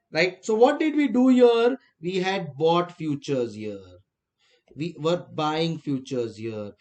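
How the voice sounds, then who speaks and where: Indian man teaching finance to a class. Slightly higher voice, unhurried, repeats key points and quizzes the class. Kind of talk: classroom lecture.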